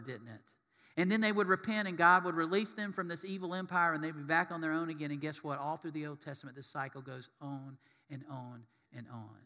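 A man preaches from the pulpit, his voice high and bright. He asks the room rhetorical questions and acts out the voices he quotes. A long church-hall reverb trails his words. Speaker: pastor. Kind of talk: sermon.

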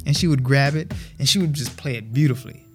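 A man in casual podcast chat, telling lively stories and putting on voices. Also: mid-range voice, fast talker, breathy edge, soft background music. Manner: animated storyteller, mimics voices with laughs. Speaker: podcast guest.

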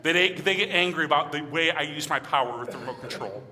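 Bright-voiced minister preaching in a reverberant church. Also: male voice, on the high side, quick pace. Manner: earnest, rising to emphatic stresses. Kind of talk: sermon with scripture reading. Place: church sanctuary. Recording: long hall reverb.

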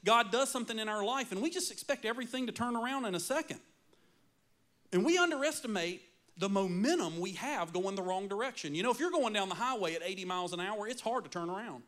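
High-voiced man preaching a lively sermon. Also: fast talker. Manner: storytelling, animated, playful asides. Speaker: pastor.

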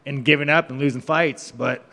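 A man's voice: mid-range voice, steady tone, moderate pace, gravelly, bright, forceful tone. A man, a professional fighter, giving rambling, profane, mocking answers to reporters. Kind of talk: media scrum answers. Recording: reverberant room.

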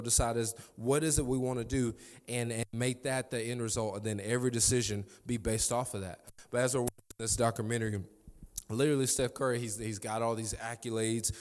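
Male pastor, 30s, mid pitch, emphatic storytelling sermon, long hall reverb. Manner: preaching with emphatic repetition and storytelling.

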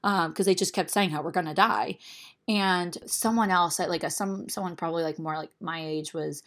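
A woman's voice: on the low side, normal speed. Chatty young woman telling a story. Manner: animated, full of "like" fillers. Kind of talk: casual podcast storytelling.

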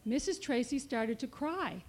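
A woman children's author reading her picture book aloud in a clear, expressive storybook manner. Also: high voice, a little slow.

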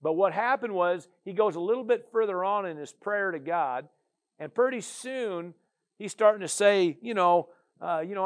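A man's voice: high-pitched, lively intonation, moderate pace. A man preaching a sermon as a pastor, with a conversational style full of "you know" and "amen".

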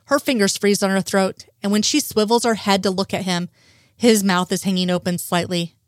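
Story reader, woman, mid pitch, dry recording, steady telling. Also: moderate pace, dry recording. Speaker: narrator. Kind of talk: reading fan fiction aloud.

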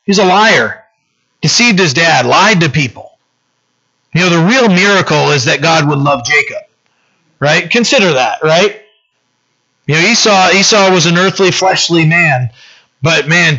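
Man, pastor, casual sermon, bright voice, muffled lo-fi sound. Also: on the high side, measured pace. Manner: casual, peppers talk with "you know" and "right?". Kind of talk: conversational sermon.

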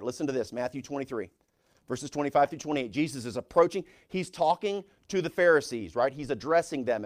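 Middle-aged man, pastor, animated sermon delivery, scripture read with force, fairly high voice. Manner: animated preaching, reads scripture aloud with rising force.

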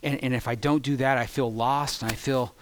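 A man preaching a sermon as pastor, impassioned, swinging between loud peaks and hushed, confessional asides. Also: mid-range voice, steady tone, brisk, slight background noise.

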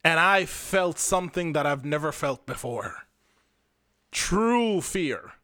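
A man's voice: a little high, animated, takes it slowly, pushed and bright, no room sound, studio quality. A young Jamaican man hosting a podcast, telling a personal story in a casual, rambling, profane way and speaking straight to his listeners. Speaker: podcast host.

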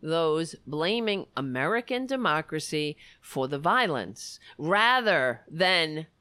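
A woman's voice: deep voice, very animated, slow, bright, forceful tone, no room sound. A woman hosting a livestream, reading news articles aloud and commenting on them with sarcastic, profane remarks. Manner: sarcastic and profane, with frequent self-interruptions. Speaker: livestream host.

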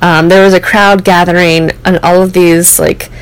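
A woman's voice: lowish voice, little pitch movement, moderate pace, clean tone, poor audio. A young American woman, host of the show, telling a personal story in a candid, rambling way full of "like" and "um". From United States. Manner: candid, rambling, many fillers and "like".

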